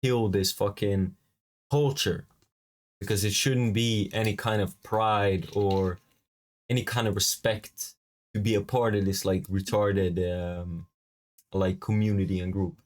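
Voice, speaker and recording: A man's voice: lowish voice, fairly even intonation, a little slow. A man hosting a reaction video, ranting in a rambling, heavily profane, agitated way with many restarts.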